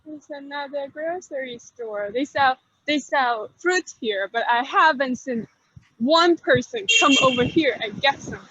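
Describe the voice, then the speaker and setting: High-voiced woman touring her street. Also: expressive, bright, forceful tone. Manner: simple, halting English, pointing things out. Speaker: guest showing her street on a video call. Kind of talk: casual walking tour chat. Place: outdoors on a city street. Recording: muffled phone-call audio.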